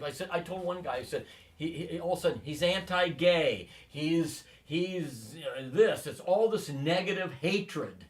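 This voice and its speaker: Soft music plays behind a sixty-something man giving an interview, his slightly high voice moving at a moderate pace on a distant mic. He rambles through long stories from his life, bringing quoted people to life by acting out their voices.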